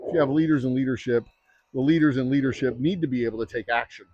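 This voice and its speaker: A man's voice: medium pitch, fast, darkish tone, highs cut off. A man chatting casually on a livestream, rambling and joking with many fillers. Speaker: distillery owner livestreaming.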